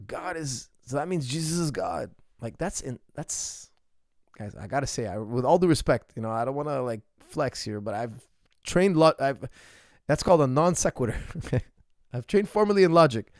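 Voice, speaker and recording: A martial arts coach answers viewer questions in a casual ask-me-anything chat, his mid-range voice expressive and slightly dark at a normal speed. He rambles emphatically and often restarts sentences, and the studio-quality recording has no room sound.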